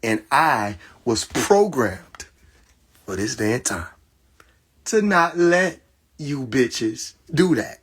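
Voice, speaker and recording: A young man hosting a casual livestream, talking emphatically with laughter, repetition and profanity, his voice hoarse. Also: medium pitch, sing-song, very slow, a bit bright. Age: young adult. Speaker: livestream host. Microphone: phone.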